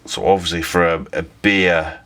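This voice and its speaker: Man, lowish voice, casual beer review vlog, rambling, self-correcting, chuckling. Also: fairly even intonation, normal speed, fairly bright tone.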